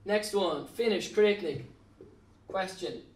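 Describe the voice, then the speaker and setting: A man's voice: sits high, slow pace, distant mic. Irish man teaching at a whiteboard. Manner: patient, plain teaching, spells out letters. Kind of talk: recorded classroom lesson at a whiteboard. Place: classroom with a whiteboard. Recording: echoey room, voice off-mic.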